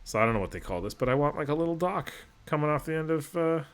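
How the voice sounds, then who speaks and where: A man's voice: on the high side, animated, fast talker, clear, resonant tone. A man from Alberta giving casual, rambling, self-deprecating commentary over a video game as host of his channel. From Alberta, Canada.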